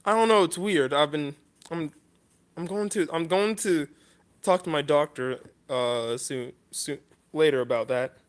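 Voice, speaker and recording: A man talking off the cuff in a list vlog, halting and earnest, pausing often and restarting his sentences with frequent apologies. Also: fairly high pitch. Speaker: vlogger.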